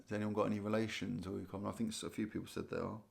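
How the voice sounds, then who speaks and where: A man from Guernsey hosts a relaxed live stream, tired from a sleepless night. His voice sits somewhat low, and he chats loosely, thinking aloud and trailing off. He keeps it casual and conversational as he answers viewers. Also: racing, vocal fry. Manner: chatty, rambling, thinks aloud with restarts and small laughs. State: tired, yawning. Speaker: livestream host. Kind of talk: casual live chat reading viewer comments.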